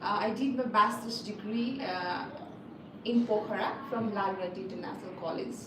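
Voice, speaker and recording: A woman's voice: medium pitch, moderate pace. A woman from Nepal answering a student visa interview politely and formally. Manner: polite, addresses the interviewer as officer. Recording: echoey room, distant mic, background noise.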